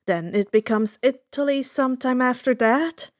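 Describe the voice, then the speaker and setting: A woman voicing a matter-of-fact teenage boy demigod in a fan fiction reading, calmly explaining. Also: sits high, moderate pace, no room sound, studio quality, close to an everyday voice. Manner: calm explaining.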